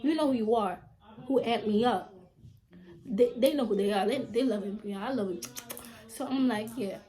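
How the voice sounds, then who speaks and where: A young woman vlogger telling a storytime in a casual, blunt way. Her voice sits fairly high, and she swears freely. She acts out what people said, with sudden loud bursts. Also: normal speed. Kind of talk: storytime vlog.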